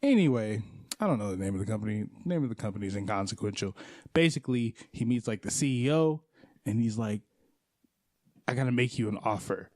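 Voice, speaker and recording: A man co-hosting a casual movie podcast, retelling scenes with lively put-on quotes and lots of swearing. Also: on the low side, fast talker, no room sound, studio quality. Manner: animated storyteller acting out scenes, profane. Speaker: podcast co-host. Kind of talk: casual movie review chat.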